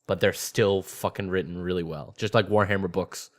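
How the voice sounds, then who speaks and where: Deep-voiced young man rambling casually. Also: fairly even intonation. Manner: rambling, halting, restarts often. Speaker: podcast co-host. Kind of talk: casual chat.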